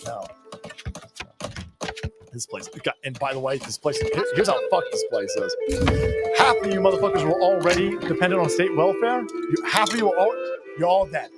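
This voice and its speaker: A man's voice: sits high, lively intonation, normal speed, long pauses. A man streaming a strategy game, ranting and swearing as he reads and answers chat, with game music playing behind him. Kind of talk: profane gaming stream commentary.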